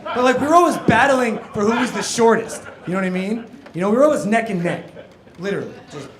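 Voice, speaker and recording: A man around forty, originally from New Jersey, works a comedy club stage with a bright, high voice that swings widely up and down. He tells his story animatedly and jumps to loud punchlines. The sound is roomy and carries noise behind it. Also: animated, fast, crowd noise. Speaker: stand-up comedian. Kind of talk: stand-up comedy set.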